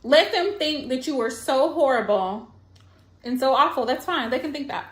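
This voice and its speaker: Emphatic high-voiced woman, echoey room. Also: lively intonation, moderate pace, fairly bright tone. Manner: blunt, emphatic, repeats lines for effect. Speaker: tarot reader. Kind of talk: casual advice monologue.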